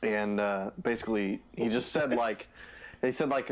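A man's voice: on the low side, normal speed. A young man in casual podcast chat, loosely retelling a story and swearing offhandedly.

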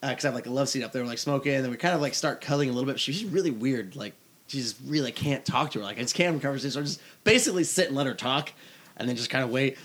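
Fast-talking young man telling a story. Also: medium pitch, a bit bright. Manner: rambling, laughing, heavy on fillers. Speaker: podcast host. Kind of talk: casual storytelling chat.

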